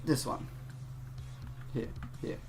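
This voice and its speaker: A man's voice: slow pace, music in the background. A young man hosting a gaming channel, telling a rambling, profane story with many restarts while he plays. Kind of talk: casual storytelling over gameplay.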